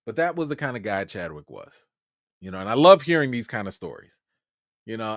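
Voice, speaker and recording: A man's voice: lowish voice, a little fast, dry recording, clean studio sound. A man hosting a casual movie news livestream, talking in a slangy, chatty way. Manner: animated, talks back to the listener, slangy.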